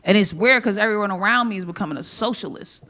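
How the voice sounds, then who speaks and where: A woman working a comedy club stage in a live stand-up set. Her voice is bright and forceful, and her delivery is brash and profane. She keeps jumping into sudden loud outbursts. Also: medium pitch, quick pace.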